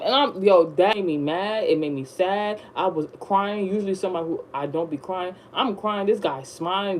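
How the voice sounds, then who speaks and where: A woman rambles through a casual storytime in loose slang, her voice sitting in a middle pitch. She jumps up high when she acts surprised. A faint hiss of noise sits behind her. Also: poor audio. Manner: rambling, slangy, animated retelling. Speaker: vlogger.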